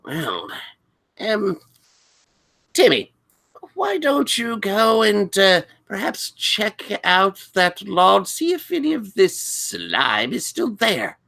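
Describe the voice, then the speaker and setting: A game master voicing an excitable older male librarian who is fascinated by the occult. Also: medium pitch, slow pace, gravelly, voice pushed up, exaggerated voice. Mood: scheming. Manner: fluttery, breathless with fascination.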